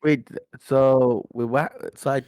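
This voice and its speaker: Slow-talking man tabletop player. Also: mid-range voice, fairly even intonation, a little mellow, smooth, dry recording, studio quality. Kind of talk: in-character tabletop play.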